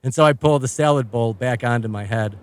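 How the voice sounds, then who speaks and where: A man's voice: mid-range voice, a little fast, smooth, no room sound, clean studio sound. A man narrating a first-person audiobook in a wry, rambling, conversational way.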